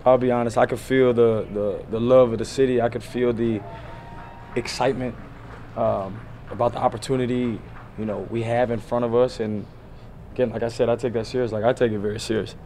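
A man in his thirties, a pro football player, answering reporters at a press conference in a loose, relaxed way, full of "you know" fillers. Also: medium pitch, a little fast, slight background noise.

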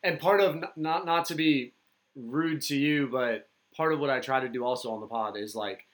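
A man's voice: medium pitch, normal speed, a bit bright. A man hosting a podcast, talking frankly and profanely in casual chat about his home life. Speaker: podcast host.

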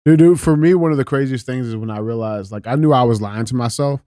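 A man's voice: mid-range voice, fast talker, warm tone, no room sound, clean studio sound. A male podcast co-host chatting casually, telling a laid-back story with some swearing. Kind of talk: casual chat.

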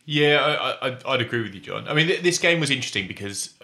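A man co-hosting a casual football podcast, telling stories animatedly, rushing ahead and restarting his sentences. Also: medium pitch. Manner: animated storyteller, rushes ahead then restarts. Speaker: podcast co-host.

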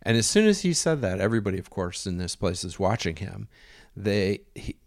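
Gravelly low-voiced man telling a story. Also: big pitch swings, brisk. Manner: rambling, filler-heavy storytelling with quoted dialogue. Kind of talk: casual anecdote.

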